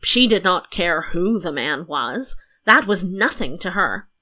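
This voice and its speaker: A woman narrating a fairy tale audiobook in an even storytelling manner. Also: on the low side, unhurried.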